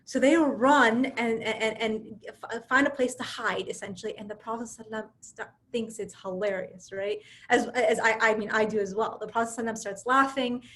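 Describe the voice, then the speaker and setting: A woman's voice: a little high, quick pace, hardly any pauses. A woman giving a casual religious talk over a video call. She tells stories animatedly, often restarting phrases and asking "right?". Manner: animated storytelling, frequent restarts and tag questions. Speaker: speaker giving a religious reminder.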